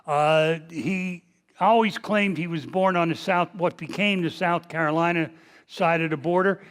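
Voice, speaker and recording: A man's voice: a little high, fairly even intonation, unhurried, fairly bright tone, smooth. Joking seventy-something man lecturing. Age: 70s. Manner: self-deprecating, rambling, joking. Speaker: history lecturer. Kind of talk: public lecture with jokes. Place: large library hall before a big audience. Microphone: stationary mic at a lectern.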